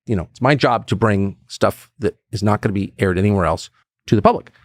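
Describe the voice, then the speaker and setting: A man's voice: fairly low pitch, fairly quick, no echo, studio quality. A man in his fifties, a guest telling stories in a conversational interview and acting out quotes. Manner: animated storyteller who acts out quotes.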